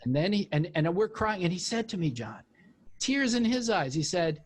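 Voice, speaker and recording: In a casual interview, this author and former cult member speaks in a high voice at normal speed. He tells his personal story with animation, acting out the voices of the people in it.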